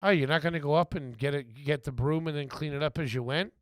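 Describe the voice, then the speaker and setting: A man co-hosting a podcast who cuts in with quick wisecracks during casual banter. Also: on the high side, dry recording. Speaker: podcast co-host.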